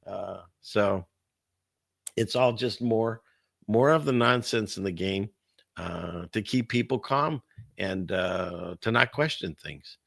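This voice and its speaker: A man hosts a casual commentary stream in a gravelly, bright-edged voice, rambling from point to point with sarcasm. His sound is dry and close, with no room around it. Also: fairly low pitch, measured pace, dry recording. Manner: rambling, sarcastic, laughs between remarks. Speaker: host of a political commentary stream.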